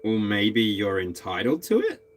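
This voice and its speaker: A man's voice: fairly low pitch, very animated, unhurried, a little hiss or hum, rough recording. Musing Australian man reading tarot. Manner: musing, tentative, talks to signs directly. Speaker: tarot reader.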